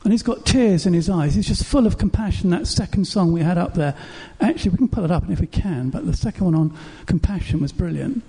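A man preaches with emphatic storytelling. His voice sits high for a man but sounds mellow and a little husky. A long reverb rings around him in a large hall. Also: animated, fairly quick, hardly any pauses. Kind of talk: sermon.

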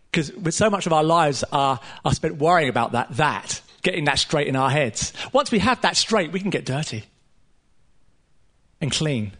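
A man preaching a sermon to a room of listeners, earnest and emphatic, with casual asides and pauses. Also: a little high, fairly bright tone. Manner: casual asides with light laughter. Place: room with a live audience.

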